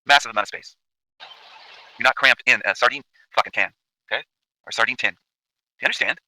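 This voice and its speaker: A man's voice: mid-range voice, fast talker, bright, forceful tone, low-quality recording. A man from Canada, hosting his own channel, delivering an emphatic, profane, repetitive rant as commentary over video footage. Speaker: channel host.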